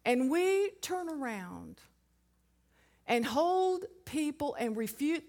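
A woman with a high voice preaching a sermon. She speaks with emphasis and keeps putting rhetorical questions to her listeners. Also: very animated, takes it slowly, a little mellow.

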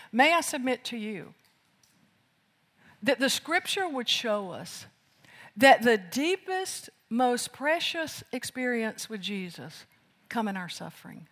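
A preacher delivering an emphatic sermon, moving from loud declarations to hushed lines. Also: high-pitched, animated, measured pace. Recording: long hall reverb.

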